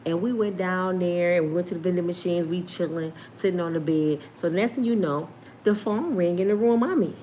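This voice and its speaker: A woman in her fifties telling a casual story, animated and laughing often as she acts out the people in it. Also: on the low side, fairly quick, slight background noise. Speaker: storyteller host.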